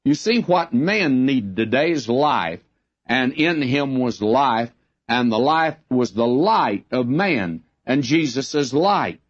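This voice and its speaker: A man's voice: medium pitch, animated. A man teaching from the Bible in an earnest, emphatic way, like a radio Bible broadcast. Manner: earnest, emphatic, slow and deliberate. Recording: dull lo-fi recording.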